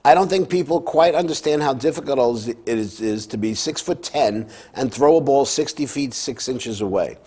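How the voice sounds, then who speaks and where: Animated man chatting about sports. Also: medium pitch, husky. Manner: lively storyteller, reads quotes aloud, frequent "uh" pauses. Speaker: sports show co-host. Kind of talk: casual sports chat.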